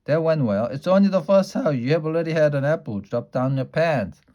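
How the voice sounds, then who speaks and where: A man's voice: fairly high pitch, lively intonation, brisk, mellow, pitched above the performer's own voice, natural voice. A man voicing a tired, exasperated mother who firmly scolds her young daughter. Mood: scolding. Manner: firm, weary scolding.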